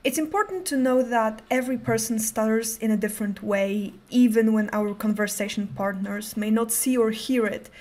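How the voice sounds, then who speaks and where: A woman's voice: on the high side, normal speed, hardly any pauses, a little mellow. A young adult woman giving a prepared conference talk, speaking in a careful, controlled way with occasional stutters on sounds.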